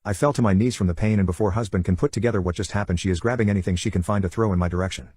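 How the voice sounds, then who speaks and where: A man narrates internet stories at a quick, even clip. His voice sits low with a breathy, husky edge. The sound is dry and close, with no room around it. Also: no room sound.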